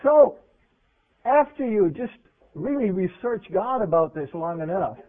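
High-voiced man preaching on tinny radio. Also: expressive, a little slow. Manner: conversational preaching, asks the audience questions, voice swings from loud to hushed. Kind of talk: sermon. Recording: tinny phone-like radio recording.

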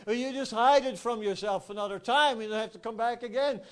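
High-voiced man preaching informally. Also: a little fast, few pauses, clear, resonant tone. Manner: animated, rhetorical asides, chuckles often. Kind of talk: informal sermon with storytelling.

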